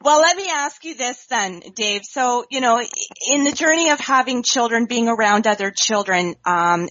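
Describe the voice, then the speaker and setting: A woman's voice: mid-range voice, a bit bright, no echo. A woman podcast host who asks long, winding questions and affirms her guest often. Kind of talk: interview questions. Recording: dry, slightly dull sound.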